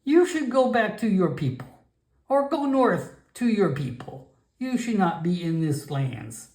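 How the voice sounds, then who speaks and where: A man's voice: sits high, very animated, a little slow, a little mellow, voice pushed up. A man voicing a stern old female frog-folk shaman who scolds in broken, clipped speech. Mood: scolding. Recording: echoey room.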